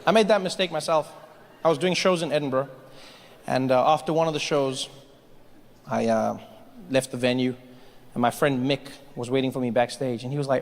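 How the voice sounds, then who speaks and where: A man doing stand-up comedy, telling stories in an animated way and building up to shouting. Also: mid-range voice, brisk, pauses often, in a large hall.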